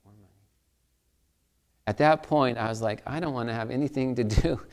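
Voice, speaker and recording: Smooth-voiced male pastor preaching. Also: mid-range voice, moderate pace, a little mellow. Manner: conversational storytelling, asks the listeners questions. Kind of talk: sermon.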